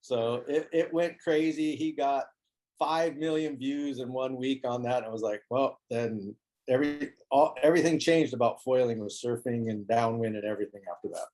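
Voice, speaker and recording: A man telling a story as an interview guest, animated and acting out the voices of people he quotes. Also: mid-range voice, moderate pace. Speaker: interview guest, foil board maker. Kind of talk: casual storytelling.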